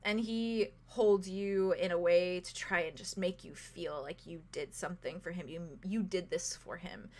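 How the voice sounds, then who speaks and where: A woman narrating as game master of a tabletop game in an animated, chatty way, full of fillers. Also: on the low side, unhurried, hardly any pauses.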